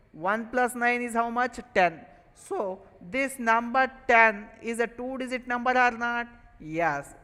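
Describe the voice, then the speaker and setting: A man's voice: very high-pitched, pushed and bright, clean tone, in a large hall, poor audio. A man with an Indian English accent teaching a maths lesson, repeatedly asking questions and answering them himself. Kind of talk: online classroom lesson.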